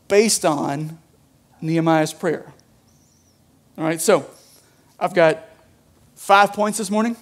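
A man preaching a sermon as a pastor, talking casually with lots of "like" and "right?". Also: a little high.

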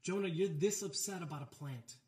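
A man voicing God as a patient teacher, speaking calmly and reasoning with questions to a sulking prophet. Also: high-pitched, fairly quick, natural voice. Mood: patient, earnest. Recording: roomy, echoey hall.

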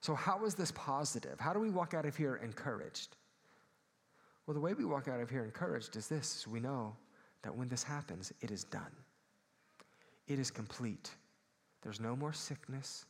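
A man's voice: mid-range voice, animated, normal speed, long pauses. Midwestern man preaching in a reverberant hall. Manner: earnest preaching, calls for amens. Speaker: pastor. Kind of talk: sermon.

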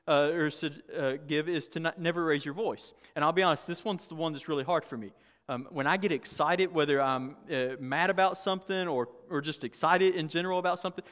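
A pastor preaching a candid, conversational sermon with humor and frequent restarts. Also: male voice, a little high, a little fast, fairly bright tone, in a large hall.

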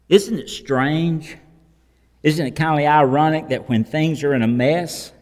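A man preaching a sermon to a congregation, conversational, with repeated rhetorical questions. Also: fairly high pitch. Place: church hall. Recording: long reverb of a church hall.

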